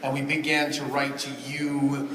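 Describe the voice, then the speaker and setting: A man with a middle-pitched voice answers thoughtfully and earnestly, and his sentences fade away softly at the ends. He is picked up from a distance in a roomy hall with a long echo, with faint ambience underneath. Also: monotone, measured pace, background noise. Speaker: voice actor panelist. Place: large convention hall. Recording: echoey hall, miked from far off.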